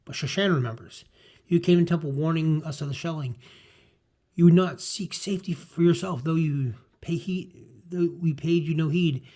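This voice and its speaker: A man's voice: fairly high pitch, moderate pace, dark tone, lightly acted. A solemn young priestess speaking in stilted, formal lines, read by a man in a slightly raised voice. The delivery is stiff and old-fashioned, like comic dialogue read aloud.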